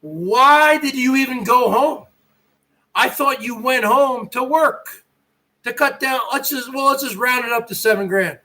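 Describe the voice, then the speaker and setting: Vlogger, middle-aged man from northern New Jersey, profane mocking rant, slow drawling delivery. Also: very high-pitched, bright, forceful tone. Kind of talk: ranting monologue.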